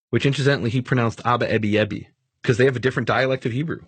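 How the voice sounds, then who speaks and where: Host, male, husky mid-pitched voice, emphatic and dismissive, dry close sound. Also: quick pace, no echo. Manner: emphatic, dismissive of bad arguments. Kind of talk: casual teaching conversation.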